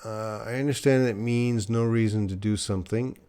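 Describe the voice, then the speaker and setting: A man's voice: on the low side, fairly even intonation, normal speed, dark tone, clear, resonant tone. Chatty man teaching English live. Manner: chatty, answers viewers' questions with playful teasing. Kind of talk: live-streamed English lesson.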